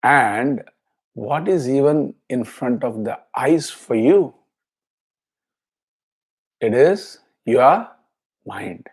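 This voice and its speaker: A man teaching a scripture class, explaining each word slowly and chanting verses twice. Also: medium pitch, expressive, husky.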